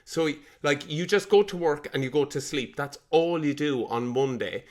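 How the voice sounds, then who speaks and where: A man's voice: a little high, moderate pace, hardly any pauses. An Irish man in his forties co-hosting a podcast, telling stories in a casual, laughing way and mimicking old teammates. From Ireland. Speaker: podcast co-host. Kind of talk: casual chat.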